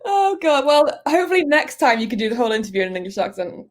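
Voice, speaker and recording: A woman conducts a casual interview, asking friendly questions in quick succession. She talks fast in a fairly high voice. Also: big pitch swings.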